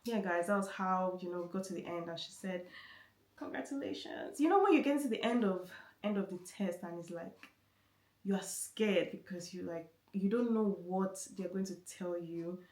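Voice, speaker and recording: Woman vlogger, lowish voice, casual storytelling, stumbles and restarts often, roomy echo. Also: moderate pace, darkish tone. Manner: chatty, many restarts and repeated words. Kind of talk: casual story-time chat.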